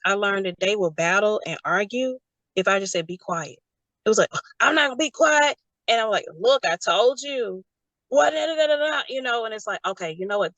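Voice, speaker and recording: Brief: young adult woman, lively storyteller, dry close sound. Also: mid-range voice, dry recording. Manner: animated storytelling, quotes others in character. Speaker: guest. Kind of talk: casual conversation.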